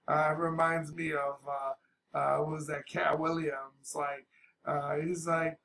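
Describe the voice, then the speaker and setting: A man's voice: on the high side, level tone, vocal fry, a bit bright. A sick man at home giving casual, laid-back reaction commentary on a rap track, with fillers and some coughing. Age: older adult. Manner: laid-back, talks over paused music with fillers. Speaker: reaction video host.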